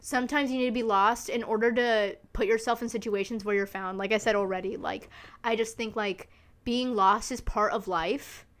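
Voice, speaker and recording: Young woman, twenties, slightly high voice, casual solo podcast, rambling, emphatic, curses a lot. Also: steady tone, moderate pace, a bit bright. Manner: rambling, emphatic, swears freely, frequent fillers. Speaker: podcast host. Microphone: seen recording on camera.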